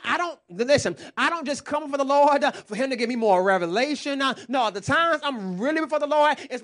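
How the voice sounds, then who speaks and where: A man's voice: very high voice, expressive, fairly quick, few pauses, pushed and bright. A man preaching a sermon with passion, calling out to the congregation.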